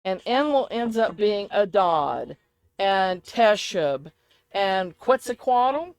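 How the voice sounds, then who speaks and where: Woman cohost rambling on a podcast, chatty and animated, laughs a lot, mid pitch voice. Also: slow, smooth, poor audio. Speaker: podcast co-host. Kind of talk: casual chat.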